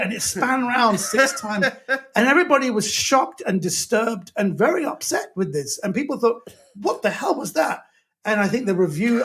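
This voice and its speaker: High-voiced animated male comedian. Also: a little hiss or hum. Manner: lively, rambling, self-mocking storyteller. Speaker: guest comedian. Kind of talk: animated anecdote telling.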